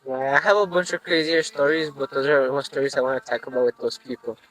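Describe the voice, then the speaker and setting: A man hosting a casual podcast, talking in a relaxed, easygoing way. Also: medium pitch, fast, rough recording. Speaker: podcast host. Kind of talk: casual chat. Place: small room with podcast lights and mic.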